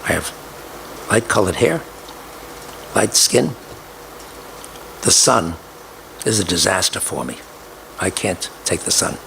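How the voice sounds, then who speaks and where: An older man recounting a personal story, deliberately repeating key details for emphasis. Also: sits low, animated, creaky, bright, forceful tone, a little hiss or hum, rough recording. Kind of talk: storytelling speech.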